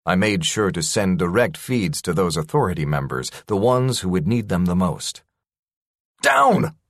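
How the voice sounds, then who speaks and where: A man's voice: sits low, expressive, moderate pace, no echo, studio quality. A man narrating a science-fiction story in a dramatic, tense first-person reading.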